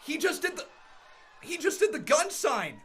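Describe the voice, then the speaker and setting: Excitable man, very high-pitched, shouting wildly on a live reaction stream, music faint behind. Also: normal speed. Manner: excitable, shouting, frantic exclamations. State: shaking with excitement.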